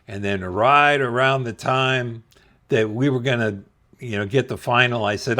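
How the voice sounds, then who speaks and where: A man's voice: fairly low pitch, fairly bright tone. A middle-aged man casually telling a funny school story to his viewers, laughing at himself along the way. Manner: slow, laughing, self-deprecating. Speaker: channel host telling a story.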